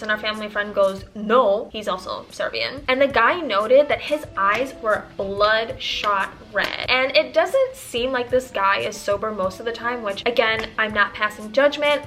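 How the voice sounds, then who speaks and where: A woman vlogger from Tanzania recounting a story in a casual, animated, dramatic manner. Her voice is bright and crisp, sitting slightly high for a woman.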